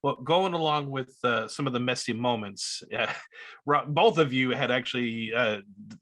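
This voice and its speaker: Brief: male podcast host, keen fan, forceful bright tone. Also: medium pitch, moderate pace. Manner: eager fan, setting up questions. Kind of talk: casual podcast interview.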